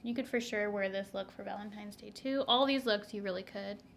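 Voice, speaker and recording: A woman's voice: mid-range voice, a little fast, a little hiss or hum. Chatty young woman vlogger. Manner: chatty, laughs often, asides to viewers. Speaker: beauty vlogger. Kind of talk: chatty makeup tutorial.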